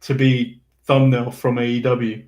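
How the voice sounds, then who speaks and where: A young man hosting a wrestling podcast in casual chat, relaxed and chuckling. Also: medium pitch, unhurried, echoey room. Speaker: podcast host.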